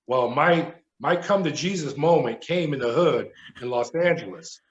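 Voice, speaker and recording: A middle-aged man, a former prison guard, recounting his experiences as a podcast guest in an animated storytelling manner. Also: on the high side, moderate pace, slight background noise. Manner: animated storyteller who acts out quoted voices. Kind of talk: storytelling interview. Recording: roomy, dull remote audio.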